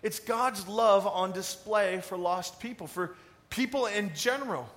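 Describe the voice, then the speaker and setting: A man preaching a sermon in a conversational, animated way, asking the congregation questions. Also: high voice, a little slow. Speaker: pastor.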